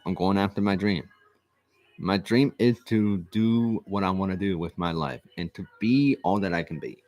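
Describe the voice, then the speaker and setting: A man with a very low voice tells a personal story straight to the camera. He speaks earnestly and haltingly, circling back and repeating phrases as he goes. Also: a little mellow, no room sound. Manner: earnest, repetitive, halting restarts. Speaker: vlog host.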